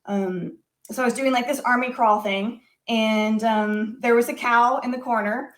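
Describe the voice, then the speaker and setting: Animated woman telling a story. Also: fairly high pitch, measured pace, a little hiss or hum. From United States. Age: adult. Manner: animated storyteller, many filler words. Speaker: guest. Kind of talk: telling a personal story in conversation.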